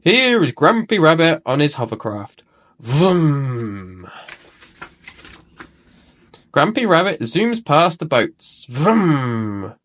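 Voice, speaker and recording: Storybook narrator: a man with a bouncy, expressive read. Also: a little high, normal speed, few pauses. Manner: expressive, with small self-corrections. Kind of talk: reading a picture book aloud to children.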